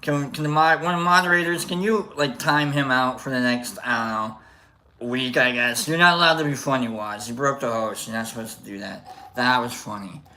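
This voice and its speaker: A man's voice: medium pitch, a little fast, pushed and bright, low-quality recording. A man hosting a live show, chatting casually and joking with his chat, rambling with frequent laughs. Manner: jokey, rambling, laughs a lot.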